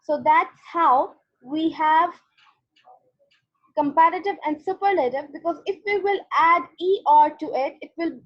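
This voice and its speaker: High-voiced woman teaching an online grammar class. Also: lo-fi sound. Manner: patient, explains step by step with repeated "okay".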